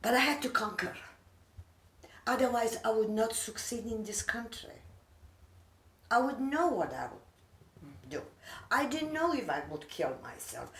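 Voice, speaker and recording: A woman's voice: medium pitch, lively intonation, measured pace, gravelly, fairly bright tone. Earnest older immigrant woman, echoey. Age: 60s. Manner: earnest, broken English, heartfelt. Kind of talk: emotional personal talk. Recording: echoey room, mic far off.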